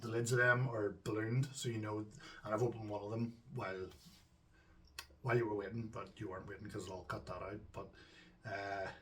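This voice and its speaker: Northern irish guy chatting away to the camera, lowish voice, lots of ums, a bit far from the mic. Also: little pitch movement, fairly quick, a little hiss or hum. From Northern Ireland. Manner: rambling and chatty, with frequent ums and asides to viewers. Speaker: homebrewing channel host. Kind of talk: casual chat to camera.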